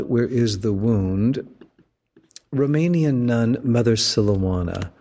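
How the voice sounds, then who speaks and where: A man delivering a sermon as a pastor, slow and measured with deliberate emphasis. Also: lowish voice, darkish tone, in a large hall.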